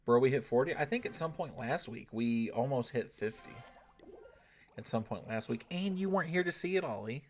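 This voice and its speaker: A man's voice: medium pitch, lively intonation, moderate pace. Casual, rambling gaming streamer man. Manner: loose, rambling, swears freely and keeps asking "right?". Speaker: gaming livestream host. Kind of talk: casual chat with a live audience.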